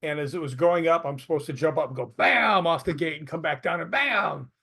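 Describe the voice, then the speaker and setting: A man's voice: fairly high pitch, fairly quick, gravelly, slightly rough. An older man, a retired stuntman, telling stories as a guest in a casual interview, laughing and acting out what people said. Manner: animated storyteller who laughs and acts out quotes.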